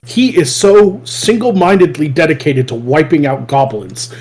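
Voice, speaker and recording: A man's voice: on the high side, moderate pace, a little mellow. A man chatting casually and enthusiastically, rambling and laughing often as he explains things. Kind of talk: casual chat.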